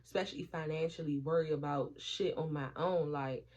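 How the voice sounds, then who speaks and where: A woman's voice: deep voice, a little fast. A woman vlogger in a casual storytelling chat, swearing freely and acting out what her friends said, while doing her hair at home. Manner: profane, animated, acts out quoted friends. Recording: dull lo-fi audio.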